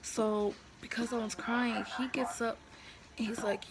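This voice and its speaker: A woman's voice: on the high side, steady tone, measured pace. A woman telling a personal story to her phone camera in a hospital room, frank, emotional and blunt, with plenty of slang. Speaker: vlogger. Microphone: handheld phone camera. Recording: noisy room ambience.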